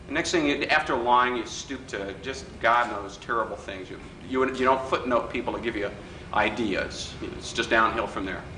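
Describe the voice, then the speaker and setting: A bright, pushed mid-range male voice at normal speed delivers a political persuasion workshop talk in a hotel function room. Teasing and joking, he acts out the voices of people in his anecdotes for the live audience. The sound is distant and echoey, with a faint hiss.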